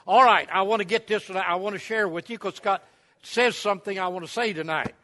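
A man's voice: high-pitched, fairly quick, bright, forceful tone. A man, preaching at a camp meeting and telling a folksy, rambling story with many fillers. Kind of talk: sermon storytelling.

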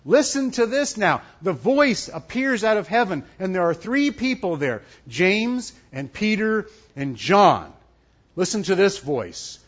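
A middle-aged man preaching a sermon as pastor, emphatic and lively, dropping suddenly soft for effect. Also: high-pitched, unhurried. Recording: dull lo-fi sound.

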